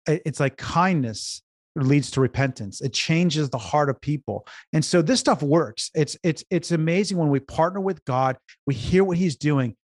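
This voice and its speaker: A man's voice: fairly high pitch, moderate pace, dry recording, clean studio sound. A man who is a business consultant, a guest on an interview podcast, telling stories earnestly, repeating words and restarting as he goes. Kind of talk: conversational storytelling interview.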